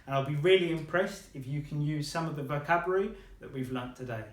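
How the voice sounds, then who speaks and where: A man's voice: fairly high pitch, fast talker, reverberant. A man teaching a beginner language lesson, patiently modeling words and praising his student.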